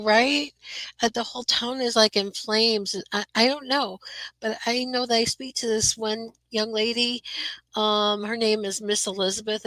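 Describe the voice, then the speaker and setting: A woman's voice: a little high, bright, forceful tone, dry recording, poor audio. A woman hosting a casual live chat from her room, greeting viewers by name with a chatty, rambling manner. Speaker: livestream host.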